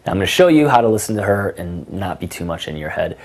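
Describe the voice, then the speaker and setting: A young man with a somewhat low voice, giving instruction as a coach. He talks in an emphatic, conversational way and sprinkles in casual fillers. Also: sing-song, fast talker. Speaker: dating coach. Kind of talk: instructional talk.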